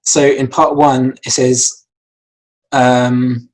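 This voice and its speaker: A man's voice: mid-range voice, flat delivery, moderate pace, slightly rough, poor audio. A man, an animator, explaining his acting choices for a shot in a casual, rambling way with many fillers and restarts. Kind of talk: casual lesson talk.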